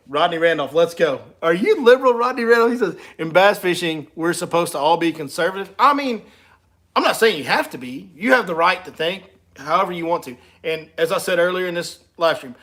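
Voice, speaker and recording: A man's voice: fairly high pitch, fairly bright tone. A man, a fishing guide hosting a casual livestream, reading comments and teasing with frequent laughs. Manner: joking, teasing and laughing between lines.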